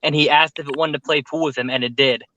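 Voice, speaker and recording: A man telling a story with lots of fillers in casual chat on a group call, animated and talkative. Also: a little high, fast talker, muffled recording, a little hiss or hum. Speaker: paranormal youtuber telling a story.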